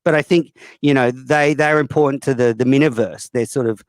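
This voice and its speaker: A man's voice: mid-range voice, fairly even intonation, fairly quick, no echo. A man hosting a call-in show, talking bluntly and profanely with plenty of fillers. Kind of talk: casual call-in chat.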